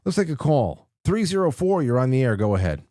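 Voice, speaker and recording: A man's voice: medium pitch, sing-song, a little fast, warm tone, dry recording, studio quality. Rambling male call-in show host. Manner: rambling, with frequent restarts and chuckles. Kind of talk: casual call-in talk show.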